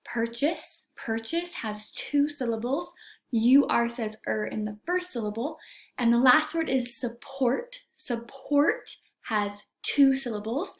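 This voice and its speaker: A woman teacher records a reading lesson for young students, speaking in a slightly high voice. She moves slowly and carefully, sounding out each letter and vowel sound, and keeps her explanations patient and plain. Her delivery stays clear and unhurried the whole way through. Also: expressive.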